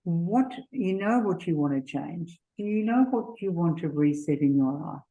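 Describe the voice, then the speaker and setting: A middle-aged woman giving a gentle, earnest faith seminar talk, sharing personal stories. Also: lowish voice, animated, normal speed, vocal fry, lo-fi sound. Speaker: seminar speaker.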